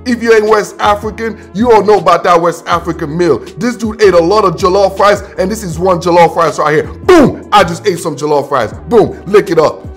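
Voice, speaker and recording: A man with a high voice gives excited, slangy commentary over game film, repeating himself and hyping each play. Soft music plays faintly behind him. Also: brisk, few pauses. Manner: hyped, slangy, repeats phrases, calls viewer "dog" and "bro". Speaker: football film breakdown host.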